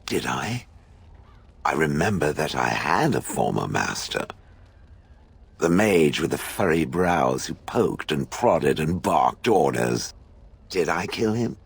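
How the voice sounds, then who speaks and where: Scornful ancient stone golem for a game; dry, mocking, lively swoops in a very low voice. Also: male voice, slow, creaky, breathy edge, exaggerated voice. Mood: sardonic. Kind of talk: video game dialogue.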